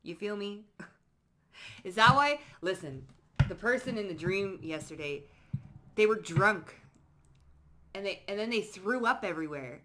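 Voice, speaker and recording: This is a woman hosting a casual psychic card reading, with a bright, forward voice. She talks in loose slang and swears freely. She keeps breaking into short acted-out quotes in a higher voice before dropping back to her own. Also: lively intonation. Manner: slangy, blunt and profane, with quick laughs. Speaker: psychic tarot reader.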